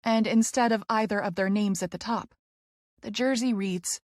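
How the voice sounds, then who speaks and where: Female audiobook narrator, mid-pitch, emotional first-person read, dry close sound. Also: moderate pace, no echo.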